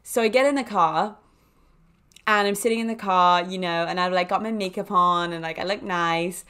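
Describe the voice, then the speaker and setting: A young woman hosting a podcast, telling casual stories in a chatty, animated way with frequent laughs and fillers. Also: fairly low pitch, moderate pace, clean tone. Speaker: podcast host. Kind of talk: casual storytelling monologue.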